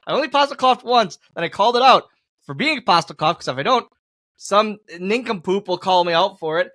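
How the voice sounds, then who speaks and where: A man's voice: high voice, lively intonation, a little fast, a bit bright, no room sound, clean studio sound. A man hosting a podcast in casual chat, telling self-mocking stories and laughing often. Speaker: podcast host.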